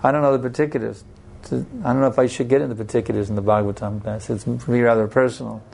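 Male religious teacher, gravelly mid-range voice, unhurried plain-spoken delivery with anecdotes. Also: medium pitch, steady tone, a little mellow. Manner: unhurried, plain-spoken, tells personal stories. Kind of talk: devotional scripture class talk.

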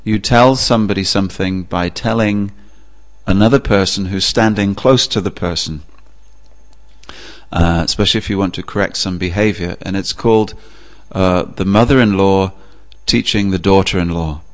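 A man preaching a sermon, telling a story with a relaxed, anecdotal manner and frequent pauses. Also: low voice. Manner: anecdotal, with fillers. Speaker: religious preacher.

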